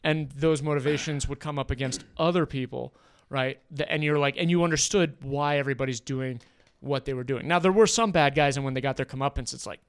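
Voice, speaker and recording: A man's voice: medium pitch, fairly quick, clear, resonant tone, no echo. A man, a podcast guest, telling stories in casual chat and acting out what people said. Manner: animated, acts out quotes.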